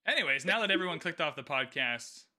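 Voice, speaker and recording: Bright, lively young man. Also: fairly high pitch, fast talker. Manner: rambling, lots of "like" fillers and restarts. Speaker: podcast co-host. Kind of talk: casual book discussion.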